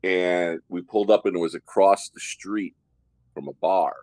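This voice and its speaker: A former undercover narcotics officer, a man, telling a story in a measured, detailed and casual way. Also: sits low, steady tone, a little mellow, no echo.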